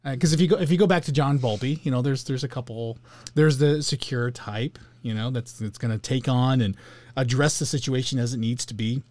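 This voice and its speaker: A man in easy conversation, wandering through his thoughts with plenty of "you know" and restarts. His voice sits at an ordinary pitch, recorded close and dry with no room sound. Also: steady tone, fairly quick, a little mellow, no room sound. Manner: rambling, with many fillers and restarts; acts out coworkers in little skits. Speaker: podcast co-host. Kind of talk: casual conversation on emotions.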